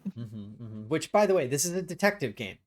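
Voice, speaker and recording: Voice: medium pitch, big pitch swings, brisk. A host with a mid-range voice keeps a casual chat moving. This speaker brings up the next topic and puts questions to the others. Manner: moves the talk along to the next topic with questions.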